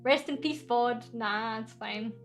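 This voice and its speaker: A young woman with a Scottish accent and a high, light voice chats casually with her stream, giggling often as she reads out viewer questions. Soft music plays faintly underneath. She talks into a good studio microphone. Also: takes it slowly. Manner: chatty and giggly, reading chat aloud.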